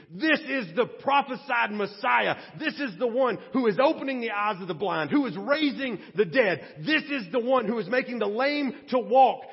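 A man preaching a sermon as pastor, dramatic, swinging between loud bursts and hushed low passages. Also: husky. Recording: dull lo-fi audio with long church reverb.

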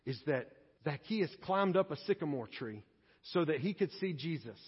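A male pastor preaching an animated sermon, moving between quiet and loud passages. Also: fairly high pitch, breathy edge. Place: church sanctuary. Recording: dull lo-fi audio in a reverberant hall.

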